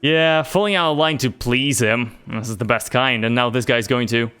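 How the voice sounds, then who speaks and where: A man's voice: mid-range voice, normal speed, sharp tone, clear, resonant tone, soft background music. A man playing a game on stream, reading its narration aloud and chatting casually. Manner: reads narration aloud, laughs often.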